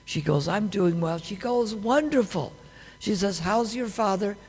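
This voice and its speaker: Gravelly high-voiced man teaching in a hall. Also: expressive, measured pace. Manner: questioning, conversational teaching with rhetorical questions. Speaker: class speaker. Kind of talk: scripture class talk. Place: temple hall. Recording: long hall reverb.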